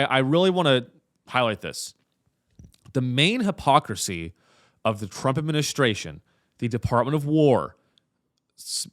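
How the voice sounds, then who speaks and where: A man's voice: on the high side, fairly bright tone. Profane, rambling comedic podcast host man. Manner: profane, rambling, with frequent restarts. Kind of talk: casual comedic rant.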